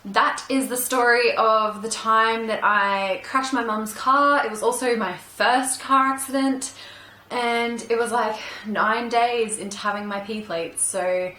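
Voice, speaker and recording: A young woman chats through a story to camera in a bright, clear voice, peppering her speech with "like" and "um". Her voice echoes around the room she records in. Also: fairly high pitch, steady tone, measured pace. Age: young adult. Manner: chatty, frequent "like" and "um" fillers. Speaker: vlogger. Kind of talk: casual storytime monologue.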